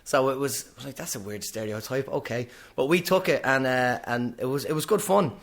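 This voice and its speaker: A middle-aged man with a Dublin Irish accent tells stories in a relaxed podcast conversation. He talks quickly and animatedly and clips his phrases short. His voice sits at an ordinary pitch for a man. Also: gravelly. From Ireland. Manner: animated storyteller, quick clipped delivery. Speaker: guest comedian. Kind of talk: casual podcast chat.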